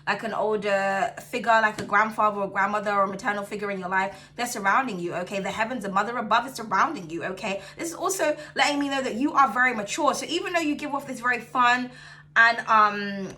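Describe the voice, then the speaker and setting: A woman giving a casual tarot reading to camera, sassy and chatty, swearing freely and calling her viewers darling, swinging between excited outbursts and low soothing asides. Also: fast, slight background noise. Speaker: tarot reader.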